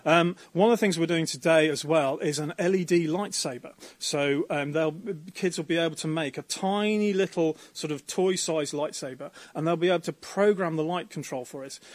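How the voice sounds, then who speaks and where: A man's voice: a little high, fairly quick, hardly any pauses, no room sound. A man organising a coding event, talking keenly and explaining in a radio interview on a university campus. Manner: enthusiastic, explanatory, with fillers.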